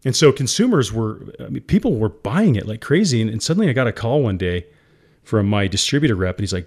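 A man's voice: on the low side, sing-song, fast, darkish tone. Middle-aged guy getting emotional telling his business story, laughs a lot. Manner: emotional, heartfelt, laughs often. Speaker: entrepreneur guest. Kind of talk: candid interview storytelling.

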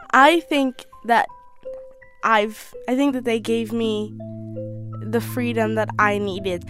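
A sixteen-year-old girl answering interview questions candidly, thoughtful and a little halting, with restarts. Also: a little high, fairly bright tone, faint music behind. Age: teens. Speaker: interview guest.

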